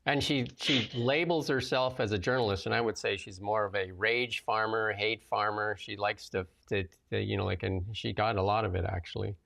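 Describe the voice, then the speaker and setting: A man's voice: on the low side, steady tone, gravelly, a bit bright. A man co-hosting a political talk show, giving blunt, opinionated commentary. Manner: opinionated, blunt, rapid asides. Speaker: co-host.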